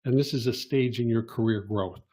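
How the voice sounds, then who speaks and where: A man with a husky, mellow voice gives career advice on a panel. He talks in an emphatic, coaching way, full of rhetorical questions. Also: mid-range voice, a little fast. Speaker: co-host. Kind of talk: panel discussion.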